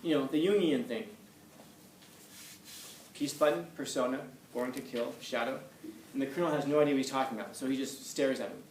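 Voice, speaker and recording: A man's voice: mid-range voice, fairly even intonation, quick pace. Man lecturing in an echoey classroom. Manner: conversational, repeats points for emphasis. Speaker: teacher. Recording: echoey room, far from mic, faint noise.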